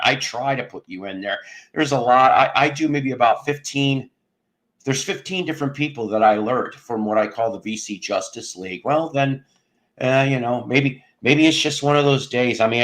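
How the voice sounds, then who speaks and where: A man hosting a casual livestream, chatting with viewers in a rambling, jokey way, cracking crude jokes and laughing at them. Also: mid-range voice. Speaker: livestream host. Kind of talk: casual chat with live viewers.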